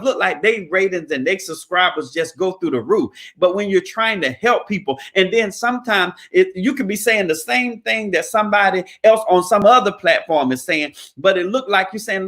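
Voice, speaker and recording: High-voiced preachy man. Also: sharp tone. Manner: preachy, emphatic, folksy. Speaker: credit repair business owner. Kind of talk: motivational preaching-style talk.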